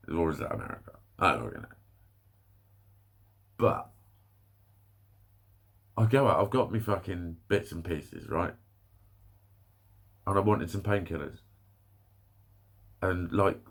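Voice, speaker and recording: A young English man delivering a sweary, exasperated rant to camera, breaking off to laugh between points. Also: low voice. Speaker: vlogger. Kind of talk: ranting monologue.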